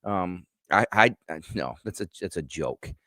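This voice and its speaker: Man, Upper Peninsula Michigan accent, sports talk guest, frank, stammering, deeper voice. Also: expressive, unhurried, bright, forceful tone, no echo, clean studio sound. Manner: opinionated, frank, stammering restarts.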